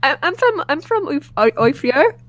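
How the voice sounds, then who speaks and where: A woman's voice: high voice, big pitch swings, normal speed, a bit bright, muffled recording. A woman voicing a nervous, stammering male tourist in a made-up foreign accent during a tabletop game. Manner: flustered, repeats words.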